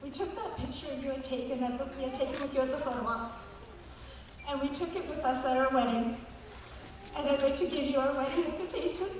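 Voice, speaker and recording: A woman speaks from a crowd, close to tears and halting as she tries to get her words out. Her voice sits a little high. The mic catches her from far off in a large, reverberant hall with steady noise around her. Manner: halting, emotional. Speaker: fan asking a question.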